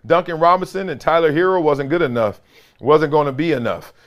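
A middle-aged man hosting a sports podcast, talking in a slangy, animated way and acting out his stories. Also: fairly high pitch, fairly quick. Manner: animated, slangy storyteller who acts things out. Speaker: podcast host, former football player. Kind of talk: casual sports commentary.

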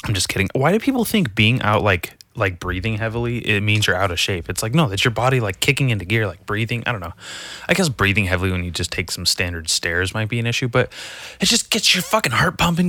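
Profane, rambling young man with bright voice. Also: lowish voice, big pitch swings, fairly quick, no room sound, clean studio sound. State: slightly out of breath. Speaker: podcast host. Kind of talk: casual solo podcast rant.

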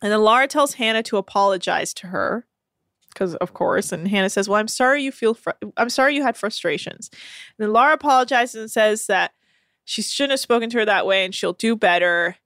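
A woman's voice: medium pitch, fairly quick, fairly bright tone, no echo, studio quality. A woman co-hosting a casual talk show, laughing often and recapping scenes with lots of "like". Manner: chatty, giggly, uses lots of "like". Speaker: podcast co-host.

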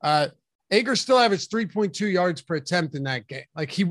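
A man's voice: high voice, expressive, brisk, fairly bright tone, dry recording, studio quality. A man co-hosting a fantasy football strategy show, making emphatic arguments about which players to avoid. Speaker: co-host. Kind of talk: fantasy football analysis chat.

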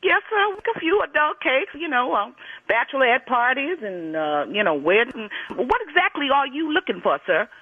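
A polite woman speaking on the phone, with a high, lively voice that rises and falls a lot. She keeps addressing the caller as sir and tries to calm him down. The sound is thin, dry and phone-like. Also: moderate pace, slightly rough, no room sound. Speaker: bakery owner. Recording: tinny phone line.

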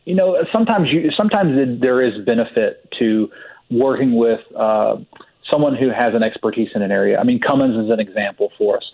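A man's voice: mid-range voice, expressive, fairly quick, vocal fry, slightly rough. A man on a podcast as a guest from a truck maker, telling stories in a drawling, hearty way. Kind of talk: casual podcast chat. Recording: tinny phone line.

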